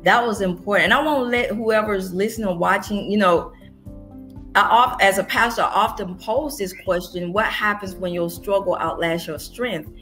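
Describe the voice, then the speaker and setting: A woman's voice: medium pitch, moderate pace, a bit bright, soft background music. A middle-aged woman, a pastor and interview guest, telling her story earnestly in conversation, often restarting her sentences.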